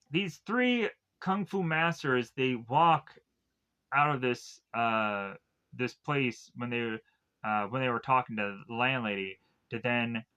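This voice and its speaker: Male reviewer, loose plot recap, bright edge, heavy on "like" and "uh" fillers. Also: medium pitch, clean tone. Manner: rambling, filler-heavy with constant "like" and "uh". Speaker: film reviewer. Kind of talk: casual spoken plot recap.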